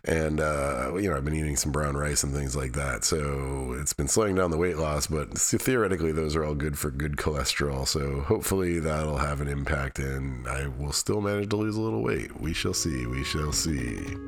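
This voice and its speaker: A middle-aged man hosts his own podcast with a candid, rambling weekly update, speaking solo and casually. His bass voice moves a little fast with hardly any pauses, and he keeps restarting sentences and tossing in wry asides.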